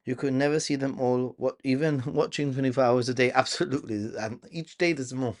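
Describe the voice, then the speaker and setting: A man hosting a casual live stream, chatting to viewers, reading their comments aloud and laughing often. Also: medium pitch. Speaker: livestream host.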